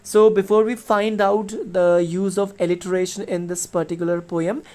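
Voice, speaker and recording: Her voice sits in the mid range with a darkish tone, moving at a moderate pace with fairly even intonation. This middle-aged schoolteacher explains a poem to her students patiently, filling pauses often and spelling words letter by letter.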